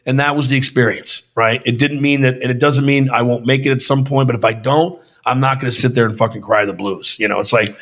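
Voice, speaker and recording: A man's voice: mid-range voice, fairly even intonation, a little fast, few pauses, a bit bright. Man, film director, casual guest chat, heavy swearing, punchy quoted lines, mid-range voice. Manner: profane, emphatic storyteller acting out quotes. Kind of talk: casual conversation.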